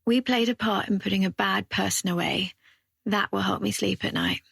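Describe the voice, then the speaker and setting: A calm young male police officer, as a woman narrator puts him on for an audiobook thriller. He speaks in an easygoing, steady way, and the gravelly, husky voice sounds close and dry. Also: mid-range voice, normal speed, no room sound, heavily acted. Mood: earnest.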